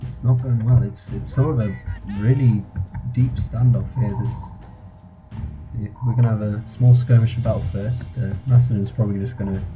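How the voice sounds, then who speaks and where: His voice is fairly low, steady in tone and moderately paced, though the recording is poor and music runs in the background. This gameplay reviewer casually narrates a strategy game battle, wandering off track and correcting himself as he reasons aloud.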